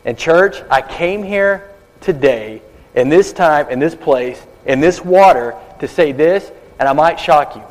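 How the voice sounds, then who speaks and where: A man's voice: on the high side, animated, a little slow, a little mellow. A male pastor giving a sermon at a baptism service, telling stories dramatically and dropping to whispers for asides. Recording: long hall reverb.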